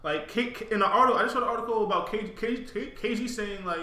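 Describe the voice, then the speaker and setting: Fast-talking high-voiced man. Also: slight background noise. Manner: fast, excitable, frequent restarts. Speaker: podcast co-host. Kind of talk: casual sports chat. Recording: roomy echo.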